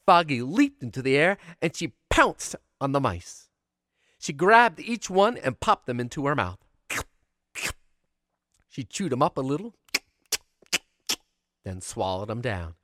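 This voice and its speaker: A man telling a homespun childhood story in an animated way, with sound effects and character voices. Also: medium pitch, unhurried, pauses often, dry recording, studio quality. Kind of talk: oral storytelling for an audience.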